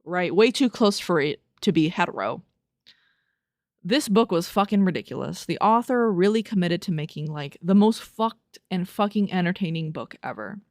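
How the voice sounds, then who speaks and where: Her lowish, slightly mellow voice is animated and moves at normal speed in a clean, echo-free studio recording. Hosting her casual solo podcast, the young woman reads review quotes and reacts with incredulous, profane laughter.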